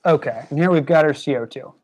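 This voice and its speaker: A man's voice: on the high side, quick pace, darkish tone. A young man tutoring live on stream, talking casually with lots of fillers and restarts, and stopping to scold troublemakers in the chat. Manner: chatty, many fillers and restarts; scolding, exasperated at trolls in chat. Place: indoors at his desk by a screen.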